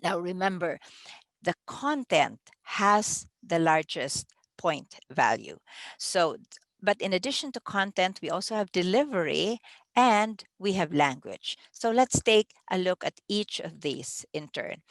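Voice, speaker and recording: Woman with a lowish voice, giving judges' training. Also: expressive, measured pace, no room sound. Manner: conversational, with restarts and small laughs. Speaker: contest judging trainer. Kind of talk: training talk.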